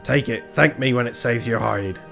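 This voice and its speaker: A man voicing a stern male rooster police inspector with a pirate voice, speaking slowly and gravely. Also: medium pitch, music in the background, lightly acted.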